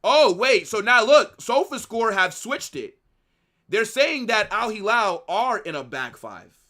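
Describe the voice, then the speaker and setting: A man's voice: sits high, sing-song, unhurried, pushed and bright. A young man casually chatting to his live-stream viewers in a slangy, rambling way. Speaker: watch-along streamer.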